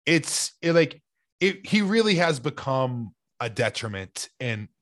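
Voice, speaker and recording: A young man co-hosting a casual sports podcast, talking players over in a loose, animated way with lots of fillers. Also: medium pitch, measured pace, no echo. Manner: animated, speculative, many "like" fillers.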